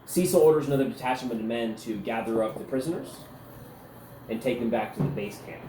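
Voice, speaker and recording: A man's voice: medium pitch, a little fast, warm tone, a little hiss or hum. A man narrating a tabletop game as game master, telling the story in a vivid, loose way with restarts. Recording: roomy recording with faint ambience.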